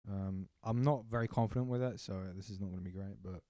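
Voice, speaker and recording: A man's voice: lowish voice, fast talker, mellow, no echo, studio quality. A man co-hosting a podcast, rambling casually with lots of fillers and swearing. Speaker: podcast co-host. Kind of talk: casual chat.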